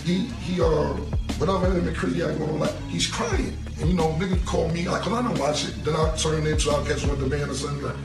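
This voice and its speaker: A man's voice: a little high, steady tone, fast talker, vocal fry, loud music behind the voice. A man in a played interview clip, talking casually and animatedly, repeating himself and swearing freely. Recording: roomy echo, distant from the mic.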